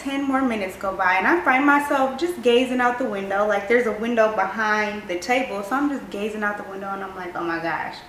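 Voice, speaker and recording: Young woman vlogger, lively storyteller, slightly high, roomy echo from an off-camera mic. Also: far from the mic, a little hiss or hum. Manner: animated storytelling, acts out quoted voices. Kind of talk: storytime vlog.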